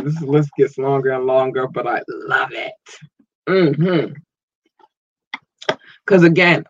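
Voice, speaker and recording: Playful, animated podcast host man. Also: no room sound, highs cut off. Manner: playful, animated, jumps into high squeals. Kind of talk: casual shout-outs to listeners.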